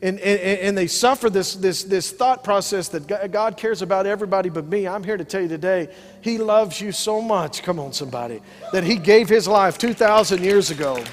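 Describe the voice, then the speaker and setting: A man's voice: sits high, moderate pace, a faint crowd. A middle-aged male pastor preaching a sermon, emphatic, with frequent call-outs to the congregation. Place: church sanctuary with congregation. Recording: live hall reverb.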